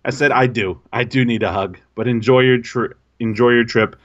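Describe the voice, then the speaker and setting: A man's voice: medium pitch, steady tone, normal speed, muffled recording. Self-mocking man telling a story. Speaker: podcast co-host. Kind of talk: casual storytelling chat.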